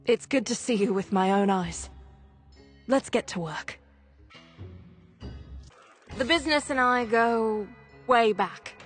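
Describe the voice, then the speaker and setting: An actress playing a gruff, seasoned woman who leads a workers' union in a video game; she talks in blunt, clipped, weary lines. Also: mid-range voice, lightly acted. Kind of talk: video game character dialogue.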